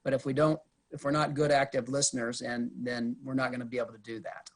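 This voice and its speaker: A man's voice: medium pitch, little pitch movement, fast talker. A man, a police officer, giving a conversational de-escalation presentation to a board over a video call. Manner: conversational, acts out quotes from arrestees.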